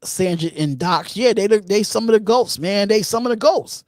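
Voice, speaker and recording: This live call-in sports host from Philadelphia answers viewer comments in casual stream chat, animated and loose, going over the same points again. His high-pitched voice is a little mellow with lively intonation at normal speed, in a dry recording.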